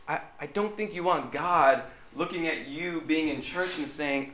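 A man's voice: on the high side, a little slow, few pauses, bright, forceful tone, echoey room. A man, a pastor, giving a chatty sermon full of stories, often checking in with the congregation by asking "right?". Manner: chatty, checks in with the crowd with tag questions. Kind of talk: conversational sermon storytelling. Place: church.

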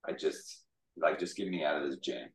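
A man's voice: a bass voice, normal speed, vocal fry, voice pushed down. A man voicing a complaining, self-pitying male prophet in a mock-dramatic tone. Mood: whiny. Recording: echoey room, mic far off.

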